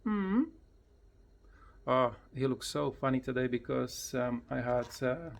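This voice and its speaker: A man casually explaining how he teaches his parrot to talk, in plain, slightly broken English, often repeating words in a high, sing-song voice, recorded at home beside the bird. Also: creaky. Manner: slow, plain explanations with simple non-native grammar. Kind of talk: casual tutorial vlog.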